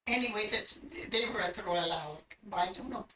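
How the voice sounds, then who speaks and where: A woman's voice: mid-range voice, a little fast, pushed and bright, slight background noise. An older woman telling her life story in earnest, acting out the words she remembers saying. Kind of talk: personal storytelling. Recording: echoey room, voice from a distance.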